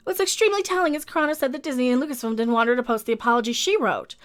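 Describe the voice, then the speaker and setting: A woman's voice: sits high, rapid-fire. A woman hosting a commentary video, ranting in a heated, emphatic way, repeating her points and swearing often. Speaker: commentary channel host.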